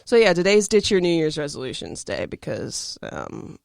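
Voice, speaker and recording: A woman's voice: lowish voice, very animated, moderate pace, vocal fry, darkish tone, no echo, clean studio sound. A woman hosting a podcast in casual chat, playful and bubbly with a sing-song delivery. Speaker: podcast host.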